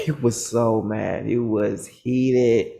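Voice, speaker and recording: A man vlogging, telling a story casually in an animated, boastful and confrontational way, acting out the other people's lines. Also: medium pitch, very slow, creaky.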